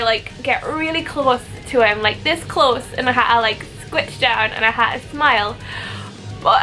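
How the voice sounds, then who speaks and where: Bright giggly young woman. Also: high-pitched, rough recording. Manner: giggly, rambling, full of "like". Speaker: vlogger. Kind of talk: casual storytime vlog.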